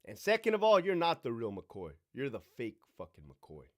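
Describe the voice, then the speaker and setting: A man's voice: mid-range voice, normal speed. A middle-aged man hosting a live Q&A, telling stories in a brash, profane way and mimicking the people in them. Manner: brash, swearing, animated storyteller mimicking others. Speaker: livestream host.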